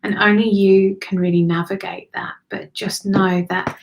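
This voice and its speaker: Her mid-range voice has a flat delivery and a moderate pace. She's a spiritual card reader hosting a live-streamed intuitive reading, chatting effusively, thinking out loud, and addressing listeners as honey and darling.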